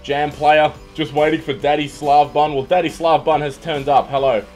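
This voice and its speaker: A man's voice: fairly high pitch, steady tone, moderate pace, a little mellow. An Australian man hosting a livestream, chatting casually and joking as he greets viewers by name at his computer. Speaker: livestream host. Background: music playing.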